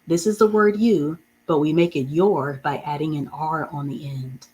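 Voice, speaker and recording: A woman's voice: sits low, steady tone, moderate pace, a little mellow, dull audio. A woman teaching a beginner reading lesson, patiently repeating and spelling out each word.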